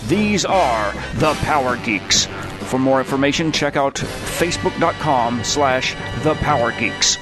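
A man's voice: mid-range voice, lively intonation, measured pace. A man reading a dramatic podcast intro as a theatrical announcer. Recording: voice over loud music.

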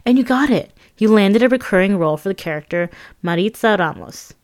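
A woman narrating gives a cheerful young man, upbeat and matter-of-fact, who sounds pleased to pass on good news. His voice sits at an ordinary middle pitch for a woman's reading, with nothing exaggerated about it. He speaks plainly, as if across a phone call. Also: animated, a little fast, dry recording, clean studio sound, natural voice.

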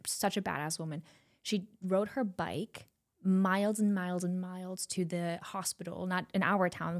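A woman's voice: fairly low pitch, creaky. Woman hosting a podcast. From Germany. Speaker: podcast host. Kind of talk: casual interview chat. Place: recording studio.

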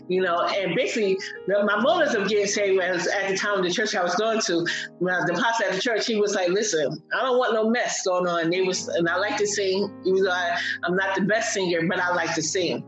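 A woman's voice: fairly low pitch, roomy sound, low-quality recording. Woman telling her faith story. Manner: animated storyteller, laughs and cries while recalling. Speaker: guest sharing testimony. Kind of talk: casual testimony on a broadcast.

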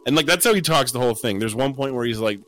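A man co-hosting a casual chat podcast, telling stories with laughter and mimicking a mumbling witness in low, quiet tones. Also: expressive, rapid-fire, faint music behind. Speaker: podcast co-host.

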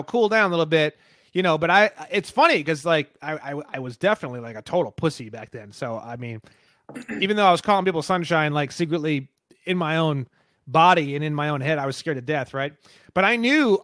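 A man hosting a podcast, telling animated, profanity-laced stories in casual chat. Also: fairly high pitch, no echo, clean studio sound. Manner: profane, animated storytelling with frequent fillers. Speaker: podcast host.

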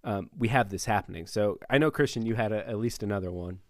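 A man's voice: fairly low pitch, fast talker, dry recording, studio quality. A man co-hosting a casual faith podcast who jokes and slips into goofy voices when he paraphrases. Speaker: podcast co-host.

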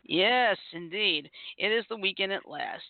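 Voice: mid-range voice, lively intonation, measured pace, creaky, heavy background noise. A host of an uncensored internet radio show, chatting casually and playfully and laughing often. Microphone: phone line. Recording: tinny phone-line audio.

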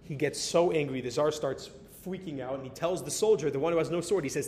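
An American man telling a story in a sermon as a Torah teacher, animated and dropping in Hebrew and Yiddish words. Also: fast, few pauses. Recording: reverberant hall with faint rumble.

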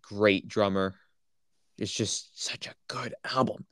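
A man's voice: on the low side, fairly even intonation, slow, a bit bright. A man co-hosting a podcast in casual chat, enthusiastic and opinionated, with lots of fillers. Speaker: podcast co-host.

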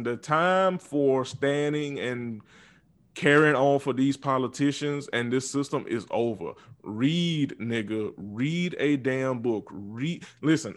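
A man in his twenties speaking in a casual political rant, blunt and profane, dropping to low mutters and jumping to loud laughing outbursts. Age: 20s. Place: southern United States.

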